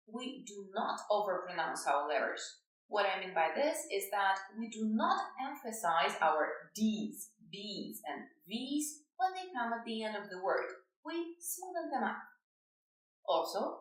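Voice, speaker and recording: A woman's voice: on the high side, a bit bright. Echoey, distant Russian-accented woman teaching. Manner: clear, careful explaining. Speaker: language teacher. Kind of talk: scripted lesson explanation.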